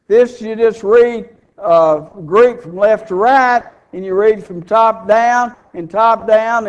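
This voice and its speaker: A man's voice: high-pitched, smooth. A man preaching an expository sermon, reading scripture aloud and explaining it to his congregation. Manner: teaching, reads scripture aloud, asks the crowd questions.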